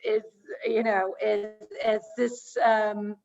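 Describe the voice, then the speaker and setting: A woman's voice: mid-range voice, little pitch movement, slow, gravelly, a little mellow, muffled recording, soft background music. A woman hosting a post-screening talk, reflecting aloud and searching for words. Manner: searching, restarts phrasing while reflecting. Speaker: interview host.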